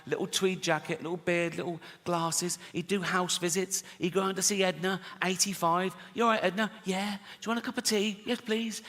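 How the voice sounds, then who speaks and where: A man's voice: high voice, a bit bright. A middle-aged man doing a live stand-up routine, with a profane, mock-outraged ranting delivery. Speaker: stand-up comedian. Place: theater stage before an audience. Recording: live stage with long hall reverb and background noise.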